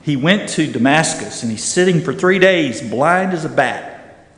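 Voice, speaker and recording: Middle-aged guy teaching bible class, high lively voice, echoey church room w long reverb. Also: measured pace. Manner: animated, acts out quoted voices.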